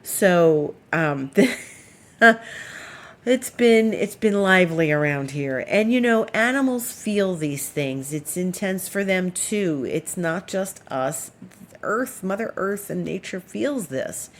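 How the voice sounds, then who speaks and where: A woman astrologer telling a personal story in a chatty, expressive, rambling way. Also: lowish voice, takes it slowly.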